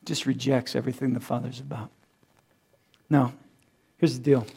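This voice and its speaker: A man's voice: mid-range voice, little pitch movement, normal speed, vocal fry, dark tone, husky. A man in his thirties preaching a sermon, who acts out quoted voices and laughs at his own jokes. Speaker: pastor.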